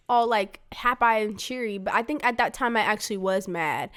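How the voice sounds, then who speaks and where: Smooth-voiced chatty young woman storyteller. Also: mid-range voice, fairly quick, fairly bright tone. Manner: chatty, fills talk with "like", acts out quoted lines. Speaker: daughter telling her story. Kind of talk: casual storytelling.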